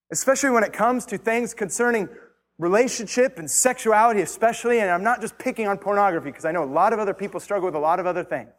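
A man with a high-pitched voice delivers an emphatic sermon to his congregation. He repeats phrases and climbs in intensity as he presses his point. His voice carries a long reverb from a large hall. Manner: emphatic preaching, rising intensity, repeated lines. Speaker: pastor.

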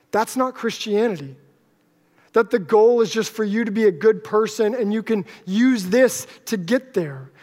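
A male pastor preaching a sermon to a live congregation, conversational and joking with the audience. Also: extremely high pitch. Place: church sanctuary with live congregation. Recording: long hall reverb.

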